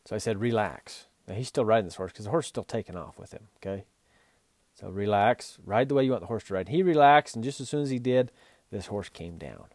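This man's voice is fairly low, animated and quick, slightly mellow, recorded dry. A podcast host and horse and mule trainer from Utah, he coaches riders in an earnest talk full of restarts.

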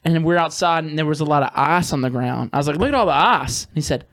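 A man's voice: a little high, fast talker, no room sound, studio quality. A man co-hosting a podcast, telling stories in a joking, profane way. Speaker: podcast co-host. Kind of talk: casual chat.

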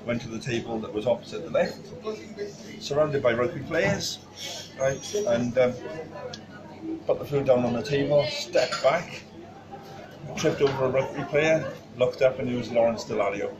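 A Welsh man appears as a podcast guest, chatting casually and telling stories with lots of fillers and restarts. His mid-range voice moves at normal speed over a noisy background of crowd chatter.

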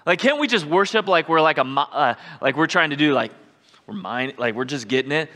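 A man preaching a sermon as pastor, conversational, often asking "right?" and breaking into shouts. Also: on the high side, expressive, brisk. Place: church sanctuary. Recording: live church hall with long reverb.

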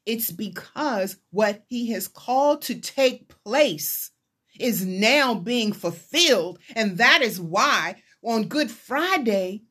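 A woman's voice: a little high, takes it slowly, breathy edge. A woman chaplain preaching a sermon, retelling scripture and acting out the voices of the people in it. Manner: retelling scripture with dramatized voices, rising to excited pleas.

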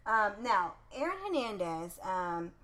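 A woman's voice: mid-range voice, big pitch swings, measured pace, fairly bright tone. A woman co-hosting a casual podcast chat, talking loosely and swearing freely. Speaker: podcast co-host.

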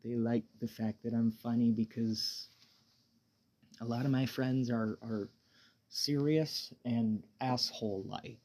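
A man talks alone into his podcast mic while high, with a dark, mellow tone. He rambles along in a laid-back drift, stumbling over restarts and cursing freely. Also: fairly even intonation, slow. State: high on weed. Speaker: podcast host. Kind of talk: casual solo podcast monologue.

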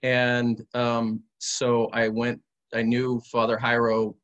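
A man's voice: medium pitch, monotone, slow, a bit bright, highs cut off. A man, a podcast guest, telling an earnest story in casual conversation, bringing it to life with quoted dialogue.

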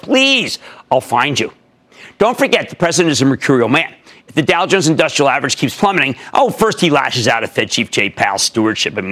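Guy hosting a stock market tv show, super punchy, voice jumping all over, kinda high. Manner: emphatic, punchy, swings between shouts and mutters. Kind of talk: animated market commentary.

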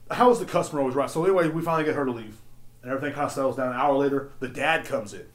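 Profane, animated man ranting, echoey room. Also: medium pitch, rapid-fire. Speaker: podcast host. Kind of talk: casual storytelling rant. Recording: roomy echo.

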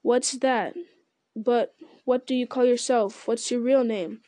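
Lady doing a down-to-earth young hobbit guy, straight questions, mellow voice. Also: on the high side, steady tone, slow, no echo. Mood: puzzled. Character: young male hobbit, practical and direct.

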